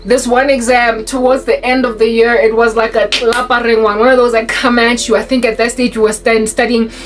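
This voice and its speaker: A young South African woman telling a personal story in a casual, animated way, slipping in Sesotho phrases as she goes. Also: fairly high pitch, brisk, soft background music, poor audio. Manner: animated, mixes in Sesotho phrases, restarts often.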